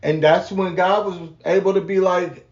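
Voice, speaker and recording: A man co-hosting a podcast, speaking in a calm, reflective way about his faith in casual chat. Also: high voice, normal speed. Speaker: podcast co-host. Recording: echoey lo-fi room sound.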